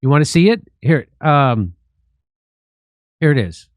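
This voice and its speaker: A man's voice: fairly high pitch, big pitch swings, measured pace, no room sound. A man hosting a comedy show, delivering sarcastic, joking satirical commentary.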